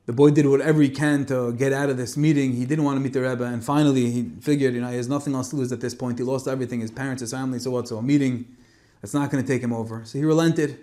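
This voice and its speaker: A man delivers a Torah talk as a dramatic story. His delivery swings between forceful emphasis and quiet, hushed passages. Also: mid-range voice, fairly even intonation, quick pace, hardly any pauses. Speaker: speaker giving a Torah talk. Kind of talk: emotional storytelling sermon.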